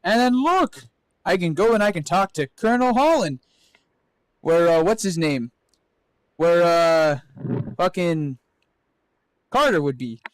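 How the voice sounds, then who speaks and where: Male streamer, slightly high voice, playful and jokey, casual stream chat. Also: big pitch swings, a little slow, pauses often, no room sound, low-quality recording. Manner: playful, joking, swears freely. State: out of breath. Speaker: VTuber streamer.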